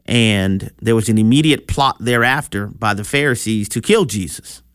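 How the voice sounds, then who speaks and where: A man preaching a sermon, in a conversational style with animated asides. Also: fairly low pitch, moderate pace, dry recording, clean studio sound.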